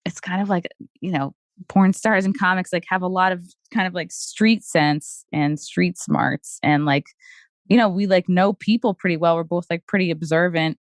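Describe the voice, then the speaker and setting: A young adult woman comedian, a guest chatting casually, filling her talk with "like" and quick jokes. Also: lowish voice, dry recording, studio quality. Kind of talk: casual chat.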